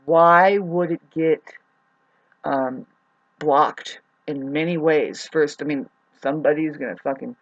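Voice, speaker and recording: A woman talking in a rambling, frustrated monologue, swearing often, with sudden swings between loud outbursts and quieter muttering. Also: low-pitched, slow, dry recording, dull audio. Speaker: astrology vlogger.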